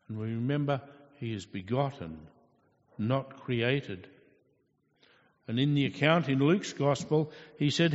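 Slow, earnest male preacher in a hall. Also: medium pitch. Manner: earnest, storytelling, with rhetorical questions. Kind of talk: sermon. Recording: echoey hall, dull lo-fi sound.

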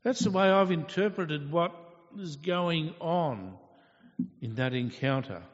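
A man's voice: on the high side, animated, slow pace. A man preaching a sermon in an earnest, storytelling manner, asking rhetorical questions. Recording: echoey hall, dull lo-fi sound.

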